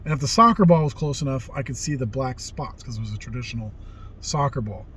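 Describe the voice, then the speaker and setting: A middle-aged man tells stories from his own life in an easygoing, rambling way and slips into livelier voices when he quotes others. His pitch sits in an ordinary middle range, and a faint background noise runs under the recording. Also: quick pace. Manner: rambling, animated when quoting people. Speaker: vlogger telling life stories. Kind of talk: casual storytelling.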